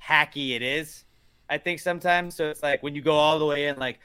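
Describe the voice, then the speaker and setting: A man in a loose sports-podcast chat, rambling through rants full of fillers. His voice has a bright, sharp edge. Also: on the high side, steady tone, a little fast, smooth. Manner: ranting, rambling, many fillers. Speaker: podcast co-host. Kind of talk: casual chat.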